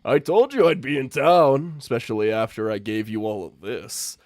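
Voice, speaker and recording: Man playing smug flirty furred giant, teasing, loud, gravelly, dry sound. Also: medium pitch, moderate pace, no room sound, lightly acted. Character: tall, smug, flirtatious furred male visitor.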